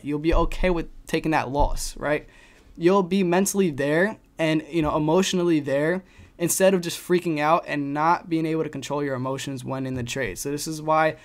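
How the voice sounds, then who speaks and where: A young man explaining trading risk in a casual screen-share lesson, tossing in "right?" and "you know" a lot. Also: a little high. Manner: talks fast with frequent "right?" and "you know" fillers. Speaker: trading educator.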